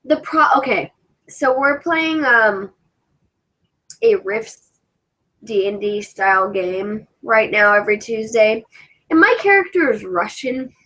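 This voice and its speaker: A woman's voice: fairly high pitch, a bit bright, poor audio. A woman with an English accent, chatting casually on a livestream as a cosplayer host, ranting animatedly and swearing freely.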